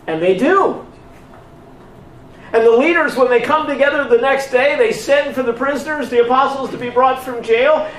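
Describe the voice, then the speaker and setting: A man preaching a sermon, retelling a scripture story slowly and emphatically, acting out the exchanges between its characters. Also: extremely high pitch, fairly bright tone, recorded from a distance, a little hiss or hum. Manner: slow, emphatic storytelling with voiced dialogue. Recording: echoey room picked up from afar.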